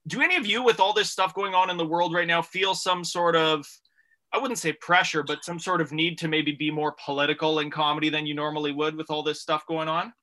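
A man's voice: fairly high pitch, fairly even intonation, a little fast, sharp tone. A man co-hosting a comedy podcast, asking the panel long, winding questions full of fillers. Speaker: podcast co-host. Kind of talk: casual panel chat.

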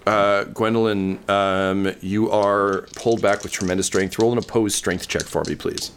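A man narrating a tabletop game as game master, relaxed and full of ums. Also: fairly low pitch, moderate pace, noisy background. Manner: relaxed, many ums and uhs.

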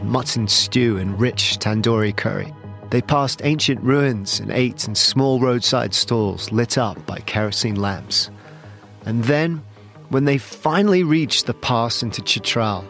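A man reading scripted documentary narration in a measured, descriptive way. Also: medium pitch, gravelly, a bit bright.

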